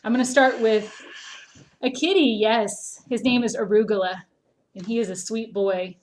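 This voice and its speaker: A woman's voice: on the high side, moderate pace, a little hiss or hum. A woman from South Carolina with a mild Southern accent, an art teacher talking casually to viewers on a livestream from home, rambling and full of ums. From Charleston, South Carolina, US. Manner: chatty and rambling, many ums and restarts. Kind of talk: casual livestream class talk.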